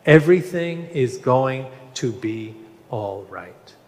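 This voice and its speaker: Male minister preaching slow and measured, gentle humor, long reverb from a big sanctuary. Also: medium pitch, expressive. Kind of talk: sermon. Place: large church sanctuary. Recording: long reverb of a large hall.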